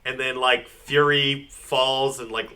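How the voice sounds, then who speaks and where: A man with a bright, forceful voice chats casually on a podcast about comics. He keeps laughing, leans on "like," and keeps slipping into quick put-on voices for the characters. His pitch sits in a middle range for a man. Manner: animated, acts out characters' lines in quick voices; laughs often, lots of "like". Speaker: podcast co-host. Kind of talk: casual comic book chat.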